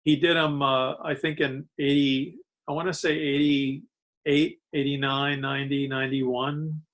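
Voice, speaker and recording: Male guest, easygoing, mid pitch, reminiscing in a casual chat. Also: measured pace. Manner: relaxed, laughs often, recalls details. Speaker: comic artist and writer guest.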